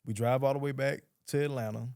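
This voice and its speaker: A man's voice: medium pitch, fairly even intonation, fairly quick, creaky, a little mellow, clean tone, no echo, clean studio sound. A man, a podcast guest telling a story in a casual, blunt, profane way and quoting others as he goes.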